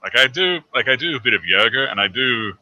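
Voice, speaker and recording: A man chatting casually on a voice actor panel, his tone very bright and his pitch swinging widely. He tells stories in an animated way and acts out the lines he quotes. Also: a little fast, muffled recording.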